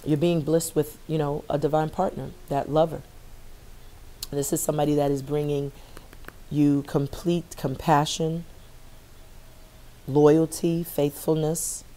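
A woman's voice: deep voice, level tone, measured pace, long pauses, dark tone. A middle-aged woman giving a spiritual tarot reading, earnest and affirming, often repeating phrases for emphasis. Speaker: tarot reader.

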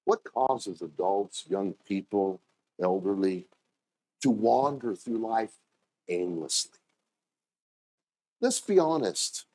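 Animated preacher man. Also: slow, pauses often. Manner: animated storytelling, acting out quotes with sudden pitch jumps. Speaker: pastor. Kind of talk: sermon.

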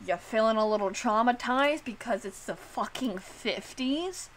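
A woman streamer chatting casually, animated and swearing, filling her talk with "like.". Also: a little high, measured pace, slight background noise. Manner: animated, swearing, heavy use of "like".

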